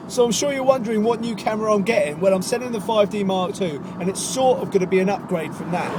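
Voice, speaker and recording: Young southern English man, high-voiced vlogger, chatty and jokey, road noise behind. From England. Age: young adult. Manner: chatty, jokey, talking to camera. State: groggy in the morning. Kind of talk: casual daily vlog. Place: car and street, outdoors. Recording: clear road and traffic noise.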